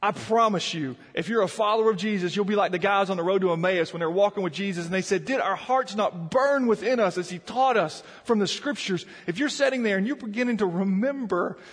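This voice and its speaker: A man's voice: sits high, breathy edge, long reverb tail. A man preaching a sermon as pastor, earnest and often repeating words as he builds emphasis. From Virginia mountains.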